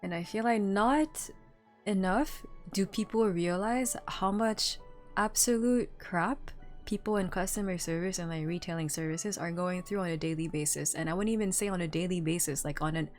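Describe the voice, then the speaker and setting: A young woman chats casually on stream, her voice sitting a little low. She tells stories in an animated way, full of filler words. Soft music plays faintly underneath. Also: moderate pace. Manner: animated storytelling with frequent laughs and filler words. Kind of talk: casual chat.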